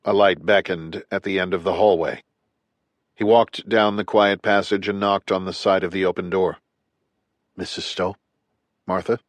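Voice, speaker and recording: Deep voiced guy reading a thriller audiobook, steady, dry studio mic. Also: moderate pace, no echo. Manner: steady, even storytelling delivery. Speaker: audiobook narrator. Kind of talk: scripted thriller narration.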